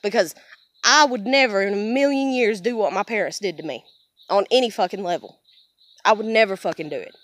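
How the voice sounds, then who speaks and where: A woman's voice: mid-range voice, fairly quick, dry recording. A young woman from the United States venting bluntly to camera in an emotional personal rant, swearing heavily. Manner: blunt, heavy swearing, fiery. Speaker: vlogger.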